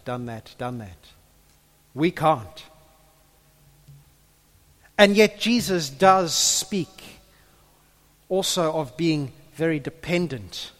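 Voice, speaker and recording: A man preaching a sermon, earnest, building to loud impassioned peaks and repeating his words as he goes. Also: a little high. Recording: echoey hall with long reverb.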